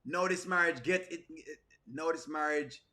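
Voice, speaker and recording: A Jamaican man with a high, bright voice talks through a reaction in a playful, teasing way. He keeps it comedic and often slips into bits of song. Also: measured pace. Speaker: reaction video host.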